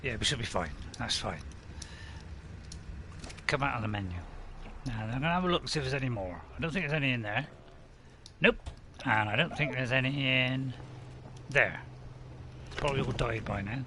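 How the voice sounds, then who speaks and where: A man's voice: mid-range voice, lively intonation, normal speed, long pauses, pushed and bright, a little hiss or hum. A man streaming a game, chatting casually to himself and reading viewers' messages aloud. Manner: chatty, talks to himself and reads chat aloud. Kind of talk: casual live game commentary.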